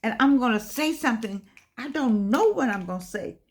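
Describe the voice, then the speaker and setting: An older woman giving an inspirational talk, telling stories in an animated, preacher-like way and repeating her phrases for effect. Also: fairly high pitch, moderate pace. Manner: animated preacher-like storytelling with repetition. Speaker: host.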